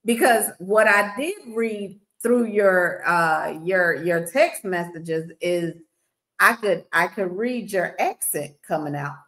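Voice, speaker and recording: A woman's voice: fairly low pitch, slow pace, fairly bright tone, rough recording. A woman casually recounting a story on a podcast, blunt and sassy, acting out both sides of a conversation.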